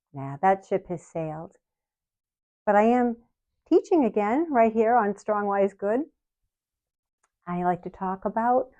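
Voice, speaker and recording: A woman in her sixties, the channel host, telling her personal story to camera in a slow, earnest way with soft laughs. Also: medium pitch, highs cut off. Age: 60s.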